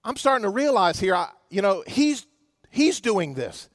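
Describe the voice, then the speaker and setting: A man preaching a sermon as pastor, emphatic, slowing to stress scripture and putting questions to the congregation. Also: high voice, very animated, no echo, clean studio sound.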